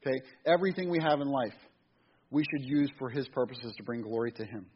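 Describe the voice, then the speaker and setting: A man's voice: medium pitch, a little fast. A middle-aged man giving a casual, rambling sermon, restarting and repeating words in a folksy way, on a dull lo-fi recording with faint hiss. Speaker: church speaker.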